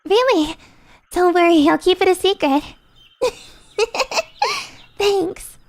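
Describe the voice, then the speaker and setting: A woman's voice: very high-pitched, lively intonation, drawn-out words, no room sound, pitched above the performer's own voice, exaggerated voice. A woman voicing a cheerful, giggly young girl in a game, with a bubbly, laughing manner. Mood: bright.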